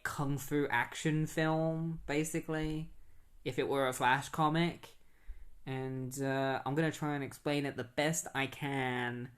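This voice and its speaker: A podcast host with a medium-pitched male voice casually retells a comic book story. He rambles, uses many fillers, and tosses in quick quoted asides.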